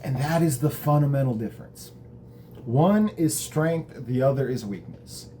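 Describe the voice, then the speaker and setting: A man's voice: mid-range voice, animated, a little slow, warm tone, slight background noise. A man hosting a show, casually recapping a TV episode in a conversational, reflective way, with the odd swear word.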